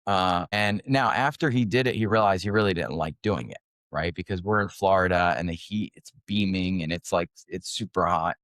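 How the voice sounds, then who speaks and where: A man in his forties, a podcast guest, talking casually with lots of fillers and lively anecdotes. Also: deep voice, moderate pace, no echo, studio quality. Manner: conversational, animated anecdotes, many fillers. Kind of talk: casual interview talk.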